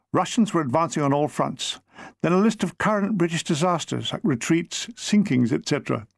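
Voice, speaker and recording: A man reading his own comic war memoir in a dry, deadpan way. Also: fairly high pitch, gravelly, no room sound.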